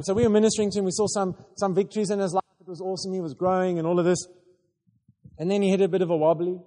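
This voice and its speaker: Male preacher, higher voice, animated halting storyteller, big hall reverb. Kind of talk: storytelling sermon.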